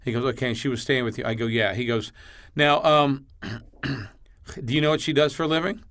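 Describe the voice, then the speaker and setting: This male comedian, a podcast guest, speaks in a mid-range voice at a fairly quick clip. He tells his story with blunt, animated energy, playing both parties in the conversation and cursing without restraint.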